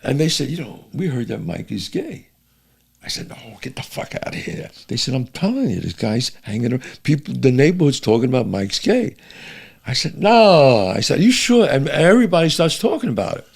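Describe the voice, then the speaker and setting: A man's voice: medium pitch, fairly quick, vocal fry, breathy edge. An older man from New York with a New York accent, a podcast guest telling profane neighborhood stories in casual chat and acting out the lines of the people in them. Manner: animated, swearing, acts out characters' lines.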